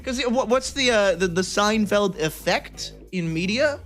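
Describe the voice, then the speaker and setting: Young male streamer, high voice, rambling casual chat with stop-start restarts, faint music underneath. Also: animated, a little slow, fairly bright tone. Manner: rambling, self-interrupting, frequent restarts.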